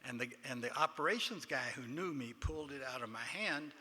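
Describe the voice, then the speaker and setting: A man's voice: mid-range voice, animated, fairly quick, bright, forceful tone. An older man with a Texan accent giving an award acceptance speech, telling a self-deprecating story and quoting others in dialogue. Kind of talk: anecdotal speech. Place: large banquet hall. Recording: long hall reverb, faint room noise.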